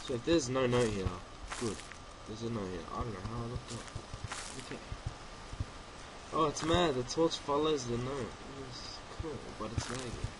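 A man's voice: mid-range voice, normal speed. A young man playing a horror game, rambling and joking to himself and taunting the monster as he plays. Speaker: gamer. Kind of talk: let's-play commentary. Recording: home recording with loud background noise.

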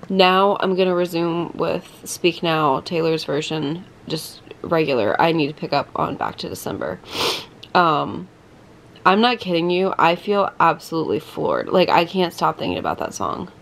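A young woman vlogging at night, talking into her phone in a gushing, excited way and saying "like" a lot. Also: low voice, normal speed, vocal fry, a little hiss or hum. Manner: gushing, excited, heavy use of "like". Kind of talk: casual chat to camera. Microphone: phone held in hand.

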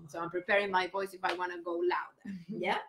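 A woman singing teacher gently guiding a vocal warm-up, step by step, with breathing cues and sung vowels. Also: lowish voice, flat delivery, a little fast, reverberant, slight background noise. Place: home room on a live stream.

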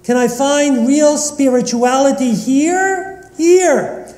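Man, rabbi, sermon, very high voice, slow unhurried delivery, reflective questioning, echoey synagogue hall. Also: a little mellow. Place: synagogue sanctuary. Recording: echoey long reverb of a large hall.

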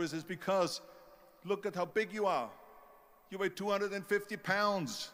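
Older man, Austrian accent, emphatic storytelling speech, slightly high voice, reverberant hall. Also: fairly bright tone. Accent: German-speaking Austrian. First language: German. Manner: storytelling, emphatic, mimics doubters. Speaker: motivational speaker. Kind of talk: motivational speech.

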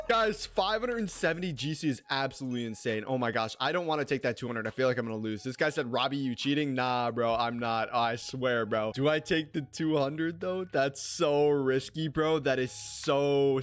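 A young man narrates his own gameplay at a rapid clip, hyped and full of slang. His voice sits at an ordinary middle pitch. He drops into nervous mutters, then bursts out loud. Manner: fast, hyped, swings between nervous muttering and shouting; slangy, says "bro" and "dude" often. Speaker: gaming YouTuber. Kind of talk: excited gameplay commentary.

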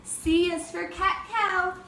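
A woman's voice: very high voice, fairly even intonation, takes it slowly, sharp tone, roomy sound, far from the mic, a little hiss or hum. A woman teaching a family yoga class for children, giving cheerful, encouraging instructions and making animal sounds.

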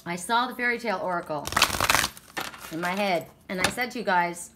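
A woman's voice: fairly low pitch, a little fast, heavy background noise. A woman with a sore throat giving a casual, rambling oracle card reading, stressing her points with many restarts.

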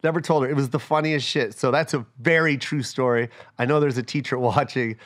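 A man's voice: medium pitch, fairly even intonation, brisk, fairly bright tone. A middle-aged man, a guest comedian, telling loose stories in casual podcast chat, laughing and swearing freely.

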